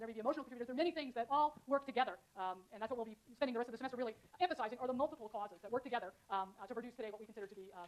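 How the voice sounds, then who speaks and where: A middle-aged woman giving a university lecture in a loose, conversational way, with lots of ums and uhs. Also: on the high side. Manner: fast, filler-heavy, conversational explaining. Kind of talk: classroom lecture. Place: lecture hall.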